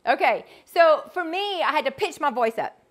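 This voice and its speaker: A middle-aged woman, a vocal coach, teaching a group in a chatty, animated way with frequent restarts. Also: high-pitched, moderate pace. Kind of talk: casual teaching talk to a group.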